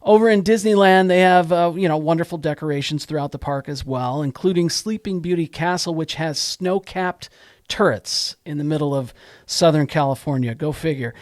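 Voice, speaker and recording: Male podcast co-host, somewhat high voice, dry close sound, chatty and fact-heavy. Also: normal speed, no echo. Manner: chatty, lists facts and dates. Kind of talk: casual chat about holiday films.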